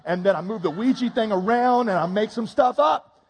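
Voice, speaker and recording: A man's voice: high voice, moderate pace, husky, in a large hall. A man voicing a flustered, defensive fake fortune-teller woman in a comic sermon retelling. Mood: exasperated.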